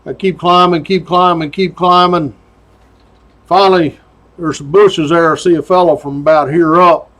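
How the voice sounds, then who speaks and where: A man's voice: a little high, steady tone, normal speed, a bit bright. A middle-aged man, casually telling a story about his days as a state trooper in a folksy way. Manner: folksy drawl with "doggone" and chuckles.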